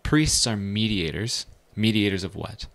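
Casual, low-voiced man teaching scripture. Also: measured pace, vocal fry. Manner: casual and animated, slips into slang. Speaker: pastor. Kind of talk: conversational Bible teaching.

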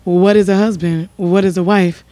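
Animated woman telling stories on a podcast. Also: fairly low pitch, moderate pace, no echo. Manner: animated storyteller, acts out quotes. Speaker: guest. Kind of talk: casual podcast chat.

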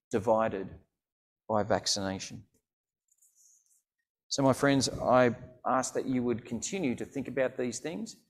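A man leading an online church service, speaking in a slow, earnest pastoral way from a church. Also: mid-range voice.

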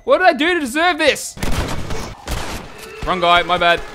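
High-voiced gamer guy yelling and swearing through a zombie game, super animated, bright sound. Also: a little slow, noisy background. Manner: loud, crude, shouts often and laughs at his own jokes. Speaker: gaming channel host. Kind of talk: profane comedic gameplay commentary.

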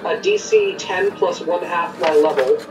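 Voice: medium pitch, wildly swooping pitch, a little slow. Hesitant player, far from the mic. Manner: hesitant, full of fillers, reads out rules. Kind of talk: casual tabletop game play. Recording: roomy distant mic with music behind.

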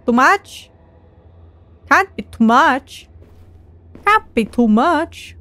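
A woman playing a video game and commenting as she goes, swearing often and getting loud and excitable, talking to the creatures on screen. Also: sits high, very slow, pauses often, no echo. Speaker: gamer. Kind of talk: let's play commentary.

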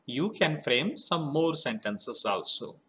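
A man teaching a children's poem, explaining words slowly and spelling them out letter by letter. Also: medium pitch, animated, pushed and bright. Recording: slightly dull lo-fi recording.

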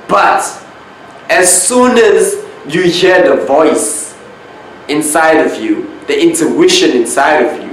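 Male spiritual host, unhurried monologue, emphatic repeats, boomy room with faint background hiss. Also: heavy reverb, poor audio. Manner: slow, drawn-out, repeats key words for emphasis.

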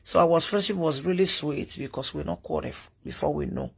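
A woman's voice: low voice, brisk, vocal fry, slightly rough. A woman with a Nigerian accent hosting a live stream, telling a family story to her viewers in casual, chatty talk that drifts between Pidgin and English.

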